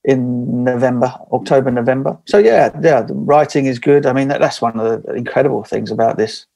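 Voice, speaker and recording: An English man chatting easily as a podcast guest in a relaxed interview. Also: mid-range voice, fairly quick, vocal fry, faint music behind. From England. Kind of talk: casual interview talk.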